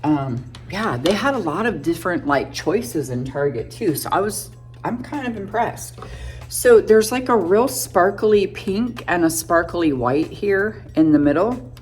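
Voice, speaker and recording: A woman in her fifties with a notably low voice chats her way through a makeup tutorial, narrating every step as she goes. She is casual and a bit self-deprecating, and soft music plays faintly behind her. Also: animated, unhurried. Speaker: beauty vlogger.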